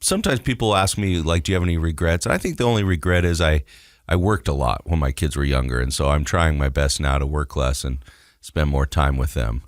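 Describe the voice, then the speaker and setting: A man's voice: rumbling low, a little fast, no echo, studio quality. A man co-hosting a podcast, talking in a reflective, supportive way. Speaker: podcast co-host. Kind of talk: casual podcast chat.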